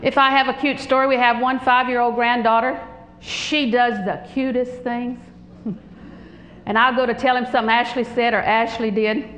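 An older woman preaching a sermon, animated and humorous, telling stories with frequent laughter. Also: on the high side, roomy sound, a little hiss or hum, rough recording.

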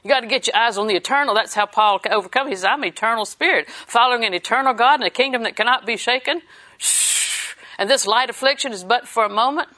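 A woman's voice: on the high side, fast, hardly any pauses, bright, forceful tone. A woman preaching a sermon, reading scripture in a conversational way and laughing often.

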